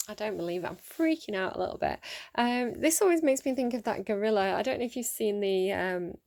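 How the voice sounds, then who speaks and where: Young woman, casual tarot reader, excitable and chatty, reads card texts aloud. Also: mid-range voice.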